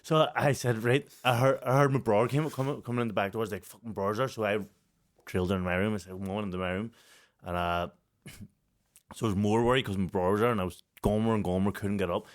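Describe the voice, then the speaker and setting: A fast-talking Northern Irish podcast co-host in his 30s, with a lowish voice, tells a story in casual chat. He's animated, curses plenty, and laughs often as he tells it.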